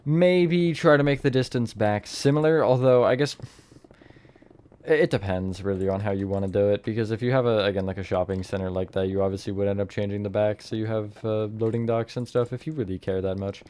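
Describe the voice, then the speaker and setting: Young male tutorial host, low-ish voice, easygoing and rambling with frequent self-corrections. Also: fairly quick, darkish tone, clean tone. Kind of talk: casual building tutorial narration.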